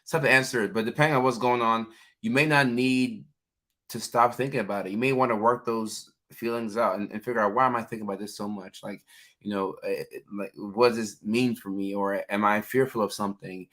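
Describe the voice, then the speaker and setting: A man's voice: fairly low pitch, steady tone, brisk, a bit bright. A man hosting a casual livestream, chatting freely with lots of fillers and reading viewers' names aloud. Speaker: livestream host, mental health clinician.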